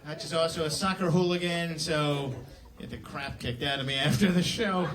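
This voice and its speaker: A high-voiced man jokes with the audience and brings up the next act at a comedy night. He sits well back from the mic, and a loud crowd and heavy noise nearly swamp him. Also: moderate pace, recorded from a distance. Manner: loose, joking crowd banter. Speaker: comedy show emcee. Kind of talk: emcee banter introducing acts. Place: comedy club stage.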